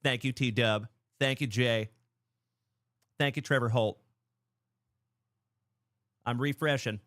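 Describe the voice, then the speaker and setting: Brief: man, 30s, upbeat livestream card-break host, mid-pitched, dry close-mic sound, chatty and excited. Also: slow pace, no echo. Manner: excited, chatty, shouting out viewers. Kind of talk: casual livestream chat.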